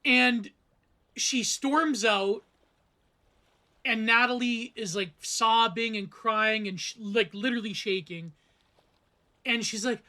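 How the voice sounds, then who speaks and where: A man's voice: sits high, slow pace, long pauses, pushed and bright. A man talking through a film review in a casual, rambling monologue, full of digressions and asides.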